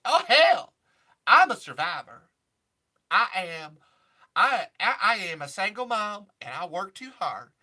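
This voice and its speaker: A man doing a comic impression of a feisty woman, a tough single mom who talks in a loud twangy drawl. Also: sits high, big pitch swings, unhurried, exaggerated voice. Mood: defiant.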